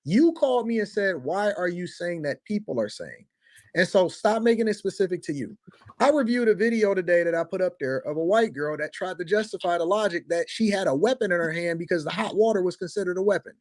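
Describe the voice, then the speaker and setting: A man in a heated debate who argues forcefully, interrupts, swears and repeats himself. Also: high voice, animated, fairly quick, no echo, studio quality. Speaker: panel speaker.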